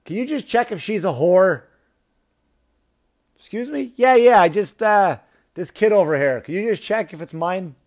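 A man's voice: high voice, animated, normal speed, pauses often, pitched above the performer's own voice. A man voicing a brash customer who walks in wanting a paternity test.

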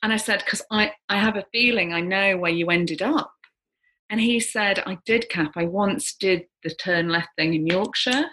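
A middle-aged woman, a psychic medium, telling a story with animated energy, gasping and acting out the voices of the people in it. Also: mid-range voice, moderate pace. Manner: lively, gasping, acts out quoted voices.

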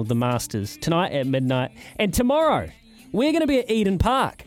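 Kiwi radio bloke doing the weekend sport rundown, punchy and upbeat, highish voice. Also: male voice. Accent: New Zealand. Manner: energetic, punchy listing of fixtures. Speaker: radio co-host, sports segment. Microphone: studio microphone.

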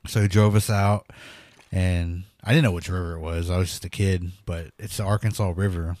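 A low-voiced man tells a story on a casual podcast, acting out the lines people said and breaking into nervous laughs. The recording is dry and close. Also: moderate pace, no echo. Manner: animated storyteller, laughs nervously, acts out quotes. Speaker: podcast co-host.

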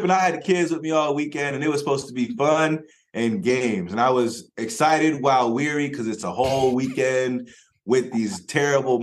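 Laid-back man telling a story. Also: mid-range voice. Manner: relaxed, hesitant, lots of "uh" and restarts, wry. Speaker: podcast co-host. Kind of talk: casual storytelling.

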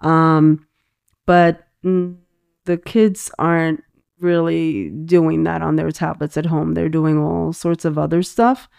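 A woman's voice: sits low, level tone, slow, creaky, darkish tone, clear, resonant tone. A woman with a New York accent, a teacher who is a guest on a podcast, chatting casually and plainly. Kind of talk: casual conversation.

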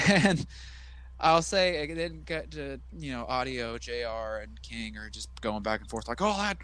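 A man's voice: mid-range voice, fairly even intonation, unhurried, a bit bright. A man co-hosting a casual wrestling podcast, retelling a show and mimicking the people in it with silly voices. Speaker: podcast co-host. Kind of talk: casual wrestling recap chat.

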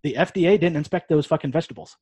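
A man's voice: a little high, rapid-fire, a little mellow, husky, no room sound. A man co-hosting a podcast in casual chat, laid-back and rambling, swearing now and then. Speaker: podcast co-host.

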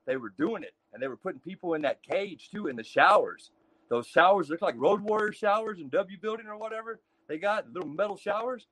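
Guest storyteller, man from Texas, high voice, dry close sound, profane and animated. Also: fairly quick, no echo. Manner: profane, animated storyteller acting out other inmates. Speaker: guest telling prison stories. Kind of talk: casual storytelling.

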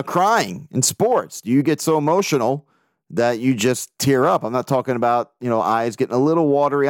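This is a man talking through his own sports podcast, excitable and quick to swear as he relives big games and reads out emails from listeners. His voice sits at an ordinary middle pitch. The sound is dry and close, with no room around it. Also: no echo. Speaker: podcast host. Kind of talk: casual podcast monologue.

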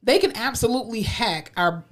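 A young woman co-hosting a podcast, bantering in casual chat with quick jokey asides. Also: fairly high pitch, lively intonation. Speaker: podcast co-host and physical therapist.

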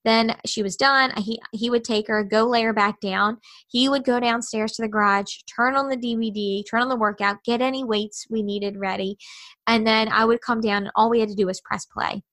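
Bright-voiced woman telling her story. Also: a little high, steady tone, moderate pace, no room sound. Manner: earnest and candid, acting out remembered conversations. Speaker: podcast guest. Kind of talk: casual personal storytelling.

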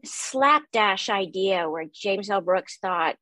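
A middle-aged woman with a high, youthful, nasal voice talks through her career in a relaxed interview. She is a lively, self-deprecating storyteller. The recording is close and dry, with no room sound. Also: moderate pace, hardly any pauses, dry recording, poor audio. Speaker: voice actor guest. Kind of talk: casual interview chat.

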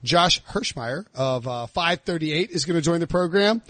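A man's voice: fairly high pitch, expressive, normal speed, a bit bright, no echo. A man in his thirties hosting a casual sports podcast and teasing his co-hosts. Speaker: podcast host.

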